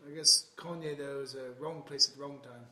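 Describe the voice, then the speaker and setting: A man's voice: mid-range voice, steady tone, a little fast, bright, forceful tone, reverberant, poor audio. A man playing a rambling aging ex-rocker and ex-convict, hesitant and full of filler sounds. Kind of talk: improvised comedy interview.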